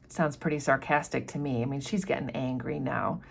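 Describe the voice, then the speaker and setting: A woman's voice: very deep voice, steady tone, fairly quick, gravelly, hardly any pauses, husky. A woman going through a novel chapter by chapter and explaining it in a casual way as a teacher. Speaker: literature teacher. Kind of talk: chapter-by-chapter book commentary.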